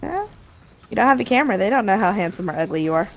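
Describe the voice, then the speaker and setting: A woman's voice: medium pitch, animated, racing, slight background noise. A woman on voice chat during a game stream, teasing her friend and laughing often. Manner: teasing, giggly. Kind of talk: casual gaming chat with friends.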